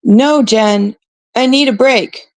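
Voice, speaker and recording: A woman's voice: fairly high pitch, takes it slowly, no room sound. A blunt woman from Canada, talking casually to her live-stream chat in an exasperated way, swearing freely and quoting people mockingly. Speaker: livestream host.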